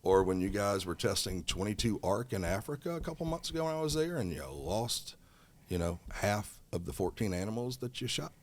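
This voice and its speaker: A man's voice: fairly low pitch, fairly quick. A middle-aged man telling a story as a podcast guest, swearing freely and heated as he talks. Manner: profane, heated, animated. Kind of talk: casual storytelling.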